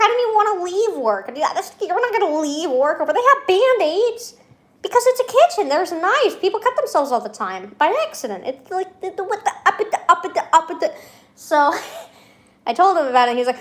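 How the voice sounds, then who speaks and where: A woman's voice: very high-pitched, very animated, brisk. A young woman venting in a casual vlog, rambling and sarcastic, laughing often between her remarks. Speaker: vlogger.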